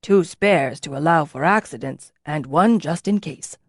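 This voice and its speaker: A woman voicing a gentle older male master potter who speaks slowly and kindly. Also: low-pitched, breathy edge, no echo, clean studio sound, pitched below the performer's own voice, exaggerated voice. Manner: slow, kindly, soft-spoken.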